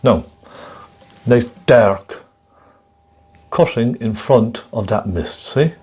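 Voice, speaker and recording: A man gently demonstrating a painting technique step by step, chatting and checking in with the viewer as he works. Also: medium pitch, lively intonation, extremely slow, breathy edge, dull audio. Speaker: painting instructor.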